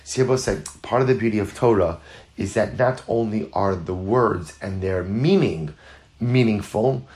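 A man's voice: fairly low pitch, a little slow, a little mellow. Earnest man teaching a Talmud class. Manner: earnest, repeats phrases for emphasis; mixes in Hebrew and Yiddish terms. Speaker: Torah teacher.

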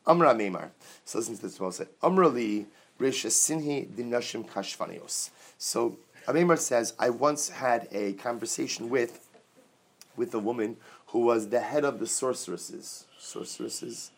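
A man teaching a Talmud class, reading Aramaic phrases and explaining each in English, energetic and joking with his students. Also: mid-range voice, normal speed.

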